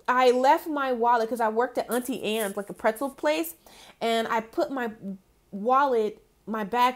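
A young adult woman giving a casual, affectionate tarot reading, talking chattily with lots of fillers. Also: on the high side. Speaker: tarot reader. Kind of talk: casual spiritual card reading.

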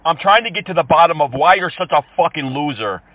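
Brief: man in prank-call mode, taunting and crude, a bit higher than most men, dry tinny phone sound. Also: expressive, quick pace, dry recording. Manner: mocking, insulting, swings between fake-polite and yelling. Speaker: scam-baiting prank caller.

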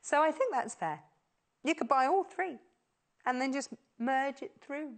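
Her intonation lively and her pace a little slow, a woman presents a live pitch on a shopping channel in a TV studio. She gushes excitedly, repeating praise throughout.

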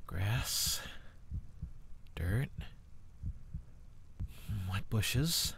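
A man slowly reading a first-person fantasy story with dramatic delivery. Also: lowish voice, animated, gravelly, a bit bright, a little hiss or hum. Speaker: story narrator. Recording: rain and thunder ambience. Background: rain and thunder sound effects.

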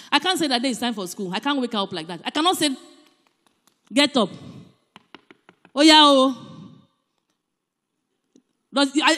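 A woman with a Nigerian accent giving an animated, emphatic church talk, swinging between loud and soft. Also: high voice. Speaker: church speaker. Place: church hall. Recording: echoey church hall.

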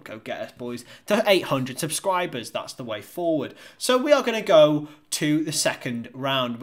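Upbeat male quiz host. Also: fairly high pitch. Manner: upbeat, plugs the channel. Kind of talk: casual quiz hosting.

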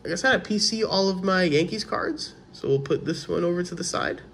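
A man hosting his own vlog, opening sports card packs in casual, excited chat, often stammering and repeating words. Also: sits high, brisk, creaky, a little hiss or hum.

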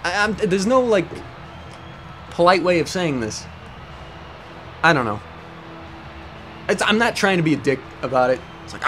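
A man's voice: high-pitched, lively intonation, measured pace, long pauses, fairly bright tone, soft background music. A young man casually commenting over gameplay at home, rambling, self-mocking and swearing often. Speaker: let's play host. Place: at home with a cat.

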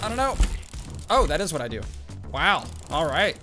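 An excitable man talks through his gameplay in a loose, casual way, often breaking into yelps and exclamations. His voice sits a little high and swings widely in pitch. Game music plays clearly behind him. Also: moderate pace. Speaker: gaming YouTuber.

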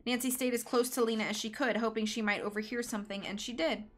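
A woman reading a mystery novel aloud on a live stream, with steady storytelling. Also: medium pitch, fast, hardly any pauses, soft background music. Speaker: book reader. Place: home streaming setup.

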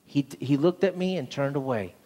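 A man's voice: fairly high pitch, normal speed, mellow, in a large hall. A man pastor preaching a sermon, telling a story earnestly and often repeating words, in a church sanctuary.

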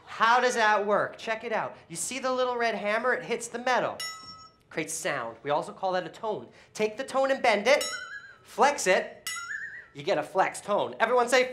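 A woman's voice: on the low side, expressive, fairly quick, noisy background. A woman hosting a children's music show, joking goofily and leading the audience in call-and-response. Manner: goofy, exaggerated, leads audience call-and-response. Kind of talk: playful children's TV presenting.

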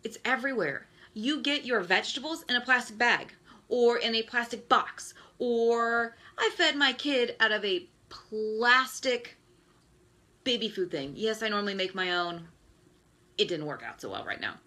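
Woman, 30s, bright forceful voice, exasperated, ranting, live stream chat. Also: on the high side, lively intonation, moderate pace. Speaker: host. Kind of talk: Facebook Live talk.

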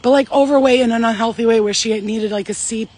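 A woman's voice: a little high, steady tone, fast talker, darkish tone. A woman speaking as a spiritual medium in a casual channeling vlog, rambling, emphatic and swearing freely.

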